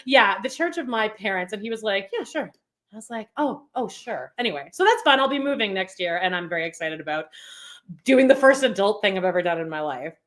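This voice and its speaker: A young woman co-hosting a casual podcast chat, telling stories in an animated way, laughing often and swearing freely. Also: mid-range voice, quick pace. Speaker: podcast co-host.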